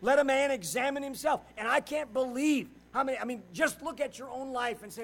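Middle-aged male pastor, high-pitched; delivers a sermon, loud at times, quiet at others. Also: a little fast, creaky, few pauses, rough recording. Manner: swings between loud preaching and quiet storytelling.

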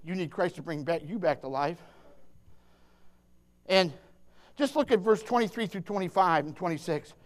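Fiery high-voiced male preacher. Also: moderate pace, long pauses. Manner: impassioned, emphatic, swings between hushed and shouting, calls out to listeners; stammering restarts. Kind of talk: fervent sermon.

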